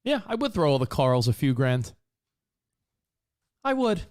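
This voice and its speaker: A man co-hosting a casual talk show, telling stories in an earnest, animated way. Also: a little high, a little slow. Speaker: co-host. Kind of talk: casual radio-podcast banter.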